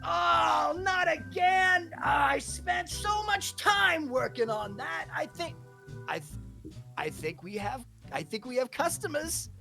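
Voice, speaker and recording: A man's voice: very high-pitched, vocal fry, raised voice, soft background music, voice pushed up, exaggerated voice. A man voicing an eager male halfling shopkeeper with a New Jersey accent and pushy salesman patter. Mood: frantic. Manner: excitable, fast-talking salesman patter.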